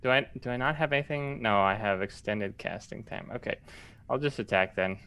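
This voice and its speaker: A man's voice: mid-range voice, brisk, a bit bright, smooth. A man playing a tabletop game, unsure of his options and checking his abilities aloud. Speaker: player.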